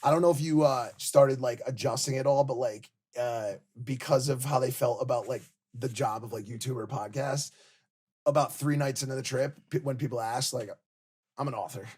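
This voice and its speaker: A man's voice: medium pitch, steady tone, a little mellow, breathy edge. A man co-hosting a podcast in casual chat, loose and full of fillers. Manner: loose, many fillers like "like", quick to laugh. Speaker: podcast co-host.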